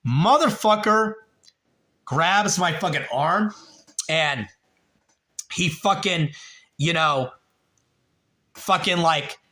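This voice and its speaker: A man's voice: a little high, drawn-out words, pauses often, bright, forceful tone. A young man hosting a livestream, telling a long story in a rambling, profane way with many fillers, and a little tipsy. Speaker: livestream host.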